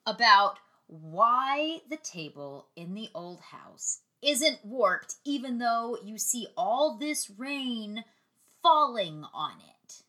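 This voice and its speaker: A woman's voice: on the high side, big pitch swings, slow, bright, forceful tone. A woman co-hosting a casual movie recap podcast, giving dry, wry asides between plot summaries. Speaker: podcast co-host.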